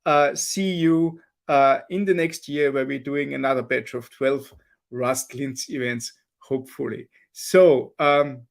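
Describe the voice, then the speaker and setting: A man's voice: mid-range voice, steady tone, a little slow, vocal fry. A man hosting an online meetup Q&A who is losing his voice, talking in a chatty, hesitant way with many ums and restarts over a video call. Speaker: meetup host moderating Q&A.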